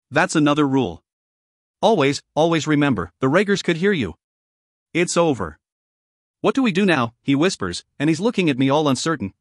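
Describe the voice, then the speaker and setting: Male audiobook narrator, first-person story, lively pitch, dry close sound, slightly high voice. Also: no room sound.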